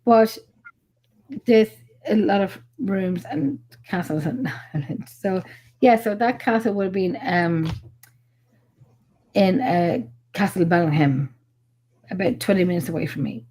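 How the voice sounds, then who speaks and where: A woman paranormal investigator from Ireland, casually telling stories on a live show, animated and full of fillers and swearing. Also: mid-range voice, a little slow, pauses often, husky.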